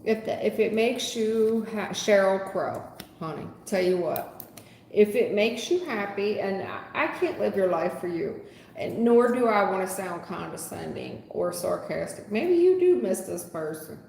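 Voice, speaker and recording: A woman's voice: mid-range voice, lively intonation, measured pace, vocal fry, darkish tone, slight background noise. A woman giving a live tarot reading, sarcastic and scolding in a folksy way. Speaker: tarot reader. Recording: echoey room with long reverb.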